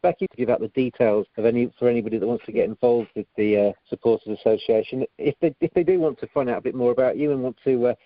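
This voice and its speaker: A man talks fast as a podcast host, chatty and encouraging. His voice comes through a tinny phone line with no room sound. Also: mid-range voice, no echo. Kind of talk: interview chat.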